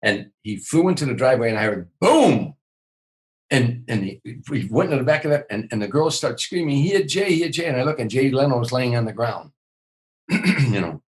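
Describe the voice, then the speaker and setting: A man's voice: mid-range voice, moderate pace, rough recording. An older man, a comedian, telling stories in a podcast interview, often repeating words as he starts a sentence. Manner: animated storyteller, repeats words when starting. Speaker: comedian guest.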